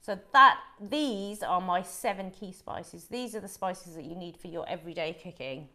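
A woman's voice: lowish voice, moderate pace, heavy background noise. A middle-aged woman from Wolverhampton, England, hosting a live cooking show and chatting to viewers as she explains each step.

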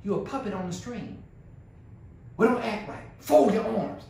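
A male pastor preaching a sermon, swinging from low murmurs to high exclamations and firing rhetorical questions at the congregation. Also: moderate pace, vocal fry, pauses often, dark tone. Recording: very echoey church hall, voice far from mic.

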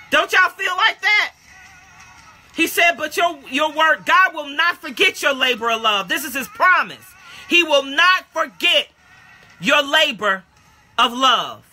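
Woman in her 50s preaching, folksy and punchy, sharp bright voice, keeps calling out to the room. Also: fairly high pitch. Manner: emphatic, folksy, calls out to listeners, bursts into shouts. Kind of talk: lively sermon teaching.

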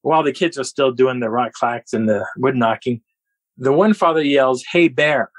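A man guest on a podcast, telling a story in an animated way and laughing often. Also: medium pitch, normal speed, slightly rough, no echo, low-quality recording. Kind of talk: storytelling an encounter.

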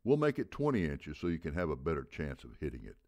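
A man with a very deep voice playing a gruff, blunt baseball coach in his seventies who barks out rhetorical questions. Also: wildly swooping pitch, fast talker, a little mellow, heavily acted. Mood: lecturing. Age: 70s. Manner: barking, booming rhetorical questions.

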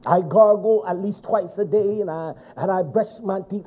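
A middle-aged man preaching a stern, scolding sermon to a congregation, rising to shouts at times. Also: high voice, lively intonation, moderate pace, hardly any pauses, husky.

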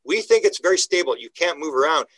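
An older man, a guest on a podcast, telling stories in an animated way, acting out quoted dialogue and often restarting his sentences. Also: fairly high pitch, quick pace, dry recording, rough recording. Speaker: guest UFO researcher. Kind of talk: conversational podcast interview.

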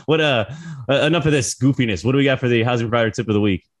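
Slightly hoarse podcast co-host man. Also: medium pitch, quick pace. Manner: relaxed, chatty, stumbles and repeats words. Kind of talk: casual podcast chat.

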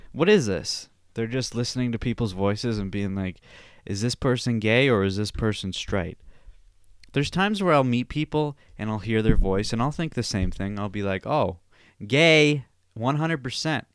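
A man's voice: on the low side, clean tone, dry recording, studio quality. A young man hosting a solo podcast, ranting and telling stories in a rambling, profane way. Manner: profane, rambling, animated storytelling. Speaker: podcast host.

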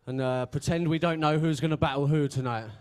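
A man's voice: a little high, fairly even intonation, a little fast, a little mellow, smooth. A man emceeing a live beatbox event on stage, chatty and joking as he hypes the crowd. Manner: hyping the crowd, chatty and jokey. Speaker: event host.

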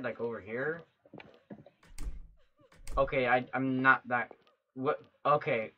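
A man giving gameplay commentary as a let's play host, who gets jumpy and shouts when startled. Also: mid-range voice, fairly even intonation, slow pace, lo-fi sound.

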